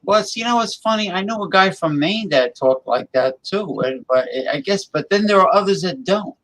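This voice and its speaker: A man's voice: high voice, lively intonation, moderate pace, a bit bright, poor audio. A man co-hosting a casual talk show, rambling with lots of fillers and restarts. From New Jersey. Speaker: co-host. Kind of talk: casual chat.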